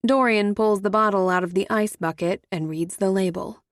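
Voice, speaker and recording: A woman reads a first-person thriller in a measured voice with a wry edge. She is recorded on a close mic with a dry, dead sound and no room around her. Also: mid-range voice, fairly even intonation, no room sound. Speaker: audiobook narrator. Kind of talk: first-person audiobook narration.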